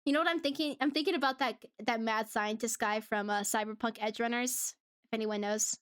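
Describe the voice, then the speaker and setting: A woman streamer chats casually with her audience. She giggles often and rambles with many restarts. Her voice sits a little high, and the close mic sounds dry. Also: steady tone, brisk, fairly bright tone, clean tone, no room sound. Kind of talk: casual live-stream chat.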